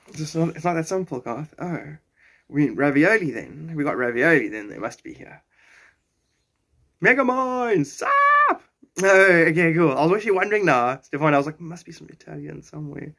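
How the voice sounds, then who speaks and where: A man in his forties with a South African accent chats on a live stream. His voice sits a little high, and he keeps a loose, playful tone as he answers viewers' comments and jokes with them. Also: expressive, brisk, fairly bright tone. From born in Zimbabwe, raised in South Africa. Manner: chatty, joking and playful. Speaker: livestreamer.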